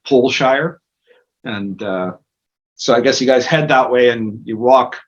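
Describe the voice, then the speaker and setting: A man narrating as game master of a tabletop game, rambling with many fillers. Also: medium pitch. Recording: dull lo-fi recording.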